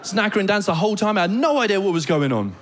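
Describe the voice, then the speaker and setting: A British man doing a stand-up comedy set on a theater stage, telling animated stories full of comic voices and mock Danish. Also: sits high, quick pace, slight background noise. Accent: British English. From Britain. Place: theater stage before a live audience.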